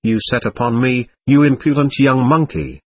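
A man voicing a loud, scolding middle-aged market woman. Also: mid-range voice, normal speed, slightly rough, no echo, lightly acted.

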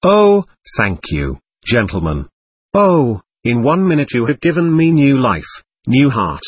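A man reading an excitable, slightly drunk man under interrogation, who pleads nervously and repeats himself. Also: medium pitch, a little slow, breathy edge. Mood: grateful. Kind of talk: audiobook reading.

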